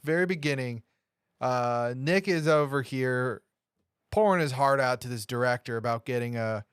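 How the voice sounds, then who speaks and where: A man's voice: medium pitch, moderate pace, clean tone, no room sound, clean studio sound. A man co-hosting a movie podcast in casual, jokey chat. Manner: animated, jokey. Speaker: podcast co-host.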